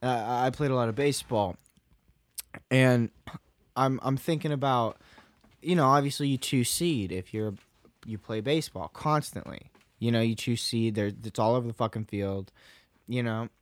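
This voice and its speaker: A young man co-hosting a casual podcast, telling a story in an animated way and swearing a lot. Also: medium pitch, normal speed, no room sound. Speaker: podcast co-host. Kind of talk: casual chat.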